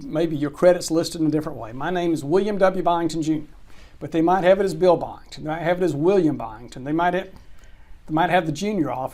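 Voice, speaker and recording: A middle-aged man, a closing attorney telling an anecdote in an interview and acting out the dialogue. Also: fairly high pitch. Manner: animated anecdote teller, acts out quoted dialogue. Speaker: real estate closing attorney. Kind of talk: storytelling in an interview.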